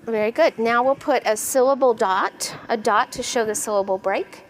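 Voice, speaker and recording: An American woman giving a seminar lecture to teachers, speaking clearly like a classroom teacher, often checking in with "right?" and slowing down to model sounds. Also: on the high side, rough recording. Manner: slows and stretches words when modeling sounds. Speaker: lecturer, school literacy coordinator. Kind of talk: seminar lecture with a spelling demonstration.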